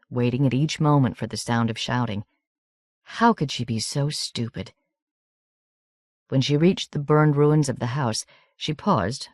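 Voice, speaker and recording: A woman narrating a novel as an audiobook in a steady, measured reading. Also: very deep voice, no echo, studio quality.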